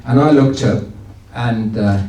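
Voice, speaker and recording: A man's voice: medium pitch, slow, mellow. A man giving a folksy, anecdotal business talk to an audience, with frequent restarts. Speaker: guest speaker. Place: event hall. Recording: echoey hall, distant from the mic.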